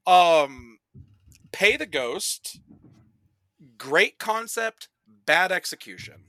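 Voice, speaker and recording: A man's voice: sits high, lively intonation, extremely slow, bright, forceful tone, no room sound. A man on a casual podcast, recapping movies in a rambling, profane way, full of "like" and acted-out quotes. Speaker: podcast guest reviewing movies.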